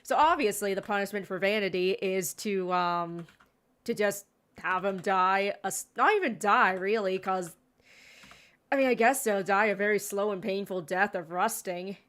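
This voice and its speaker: A woman's voice: mid-range voice, moderate pace, fairly bright tone. A woman giving casual gameplay commentary, rambling with sarcastic asides. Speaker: gaming streamer.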